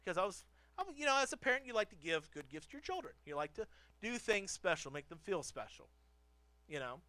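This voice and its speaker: A male pastor delivers a sermon with a high, bright, very lively voice that swoops up and down as he tells stories. He pokes fun at himself and doubles back on phrases to drive them home. The sound is smooth and dry, with no room echo. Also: fast. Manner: animated, storytelling with self-deprecating humor; repeats phrases for emphasis. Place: church pulpit.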